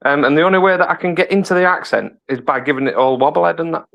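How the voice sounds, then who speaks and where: A man's voice: fairly high pitch, rapid-fire, vocal fry, lo-fi sound. A man on a live panel, swearing, laughing and stumbling over his words in casual banter.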